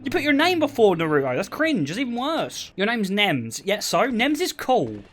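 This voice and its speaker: A young man streaming and chatting casually, telling stories in an animated way with frequent laughter. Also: sits high, moderate pace. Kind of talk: casual chat.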